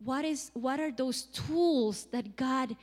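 A woman preaching a sermon in a chatty, lively way, slipping into voices for the quotes she tells. Her voice sits a little high, and it rings out with a long reverb as if in a large hall. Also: slow. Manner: conversational, animated, acts out quotes with laughs.

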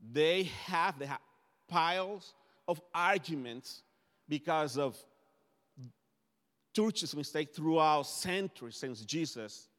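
Here the voice sits on the high side and sounds a bit bright. He's a male pastor whose native tongue is Spanish, giving a chatty sermon and often starting phrases over, with long reverb from the hall around him.

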